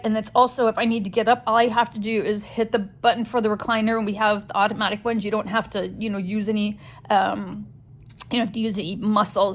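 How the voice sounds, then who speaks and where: A woman recording a candid personal video diary, talking hesitantly with many pauses and restarts as she gives a health update. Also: medium pitch. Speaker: vlogger sharing a health update.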